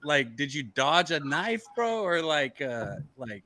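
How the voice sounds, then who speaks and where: A man on a sports gambling stream with a bright, forceful voice. He jokes around and rambles, tripping over his words as he goes. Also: on the high side, big pitch swings, takes it slowly, a little hiss or hum. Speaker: podcast co-host. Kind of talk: casual sports chat.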